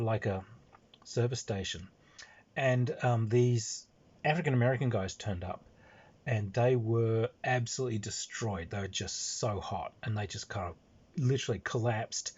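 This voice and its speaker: Man, Western Australian accent, casual rambling anecdote, amused, husky, dull lo-fi recording. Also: lowish voice. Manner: rambling, amused, many fillers and restarts. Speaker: storyteller, screenwriter. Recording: dull lo-fi sound.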